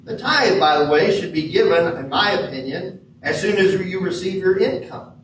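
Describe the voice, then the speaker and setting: A man preaching a sermon as pastor in a church sanctuary, measured and leaning hard on key words. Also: sits high, lively intonation, a little hiss or hum. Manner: measured preaching with emphatic stresses. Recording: echoey hall from far off.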